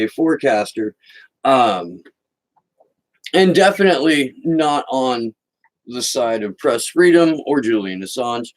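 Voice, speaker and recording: A man's voice: medium pitch, low-quality recording. Sarcastic man doing political commentary. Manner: sarcastic, mocking, reads quotes aloud. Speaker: podcast host.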